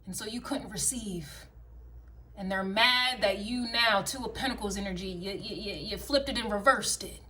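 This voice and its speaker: A woman's voice: mid-range voice, moderate pace, pushed and bright. Blunt, profane woman giving a tarot reading. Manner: blunt, profane, sing-song repetitive chanting. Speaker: tarot and astrology reader. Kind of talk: casual collective tarot reading.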